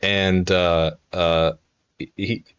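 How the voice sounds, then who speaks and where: A man's voice: sits low, flat delivery, very slow, a bit bright, clean tone. A man in his twenties chatting casually on a live stream, telling rambling, profane stories full of fillers and restarts. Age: 20s.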